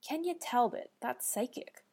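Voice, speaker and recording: A brash young male monster hunter with a gruff, swaggering edge, as a woman reader puts him on. He talks in a wisecracking, teasing way, his voice pitched a shade above her own. He comes from a storybook reading. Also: unhurried, mellow, exaggerated voice.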